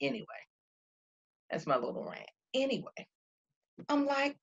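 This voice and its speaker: A woman talking casually to viewers about faith and feelings, acting out her own quotes in an animated way. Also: high voice, measured pace, gravelly, slightly rough, muffled recording.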